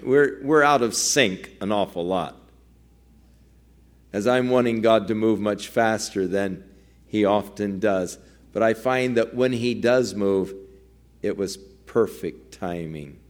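Earnest male preacher. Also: fairly low pitch. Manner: earnest storytelling, acting out quoted dialogue. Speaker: pastor. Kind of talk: sermon.

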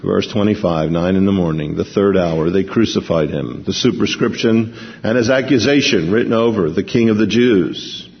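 A man preaching a sermon, reading scripture slowly and then explaining it in a conversational way. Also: fairly low pitch, in a large hall, muffled recording.

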